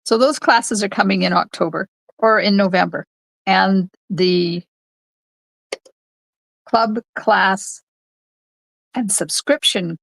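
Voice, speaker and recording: An older woman teaches card-making over a livestream from her home craft room, chatting to viewers while she stamps. Her voice is lowish and gravelly. The recording is dry and the audio poor.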